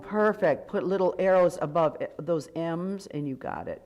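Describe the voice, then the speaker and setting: An older woman directing a choir rehearsal, coaching briskly and warmly, sometimes singing lines to demonstrate. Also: on the low side. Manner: brisk, encouraging, gives sung demonstrations. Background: choir and piano music.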